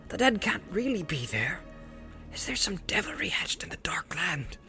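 A man's voice: high-pitched, very animated, moderate pace, creaky, music in the background, pitched above the performer's own voice, exaggerated voice. A man voicing a loyal, plain-spoken young companion in an audiobook, talking in an earnest, urgent way. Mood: doubtful. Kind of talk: audiobook character voice.

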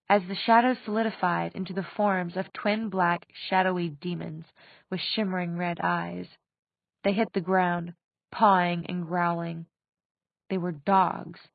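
Low-voiced woman narrating an audiobook. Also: vocal fry, dry recording. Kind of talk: scripted narration. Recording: dry tinny phone-like sound.

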